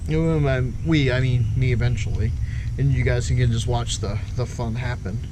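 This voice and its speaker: A man's voice: medium pitch, fairly even intonation, normal speed, noisy background. A man chatting to his viewers while he works on his scooter outdoors, thinking aloud and poking fun at himself. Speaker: motorbike build vlogger. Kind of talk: casual talk while working on a scooter. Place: outdoors in hot weather.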